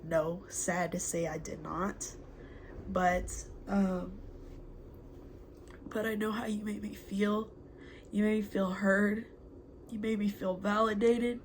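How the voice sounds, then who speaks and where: Young woman, mid-pitched, speaking a heartfelt letter at home, slow and hesitant. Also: steady tone, slight background noise. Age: young adult. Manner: slow, halting and reflective, with many pauses and fillers. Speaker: former student addressing a mentor. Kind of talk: heartfelt spoken letter to camera.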